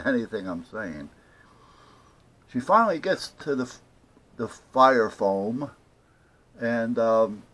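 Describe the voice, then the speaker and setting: An older man vlogging to camera tells an annoyed story, indignantly acting out both sides of a phone call. His mid-range voice has a fairly bright tone, and the rant is casual.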